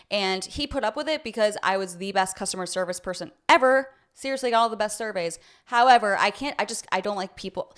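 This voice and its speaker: A woman from the United States giving a heated, opinionated commentary as a vlogger, talking to her viewers with a sarcastic edge. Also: on the high side. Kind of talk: ranting commentary to camera.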